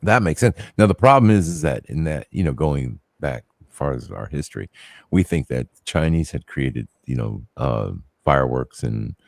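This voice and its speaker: A man's voice: extremely low pitch, lively intonation, moderate pace, vocal fry, no room sound, studio quality. A man co-hosting a podcast, rambling through a theory with many fillers and restarts. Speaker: podcast co-host. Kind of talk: casual chat.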